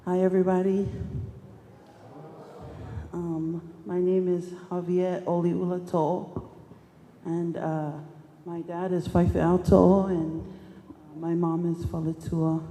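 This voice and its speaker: Halting young woman in an echoey hall. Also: on the low side, flat delivery, warm tone. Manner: halting, many fillers, tearful. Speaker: granddaughter giving a eulogy. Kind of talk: emotional funeral eulogy. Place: church hall. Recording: echoey hall, faint noise.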